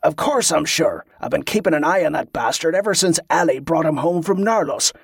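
A man's voice: on the high side, expressive, fairly quick, gravelly, slightly rough, no echo, studio quality, full character voice. Irritable, swearing captain read by a male narrator, brusque and slightly raised.

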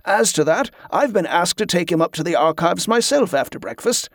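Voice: medium pitch, lively intonation, moderate pace, no echo, clean studio sound, pitched above the performer's own voice. A reader doing Brother Hallam, a formal monk. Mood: courteous. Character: calm, courteous monk. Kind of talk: audiobook character voice.

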